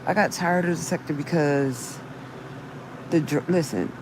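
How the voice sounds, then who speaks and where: On her livestream, a woman preaches in a casual, earnest way, repeating herself, often restarting, and quoting scripture. Her voice is deep and she speaks unhurriedly with long pauses, against background noise.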